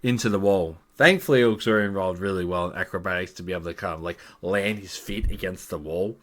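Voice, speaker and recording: Brief: a low-voiced man as game master, giving a loose, rambling recap of a tabletop campaign. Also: fast. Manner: rambling, with many fillers.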